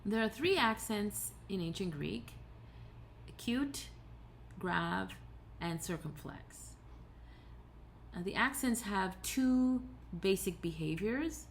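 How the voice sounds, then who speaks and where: A woman's voice: medium pitch, expressive, takes it slowly, gravelly, a little hiss or hum. A woman giving a recorded tutorial lecture, explaining patiently step by step with occasional fillers and self-corrections. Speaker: teacher.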